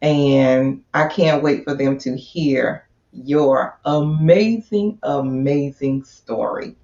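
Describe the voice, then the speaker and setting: A woman hosting a live-streamed talk show, upbeat and animated, who often repeats her words for emphasis. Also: extremely low pitch, takes it slowly. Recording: echoey room, distant from mic, dull sound.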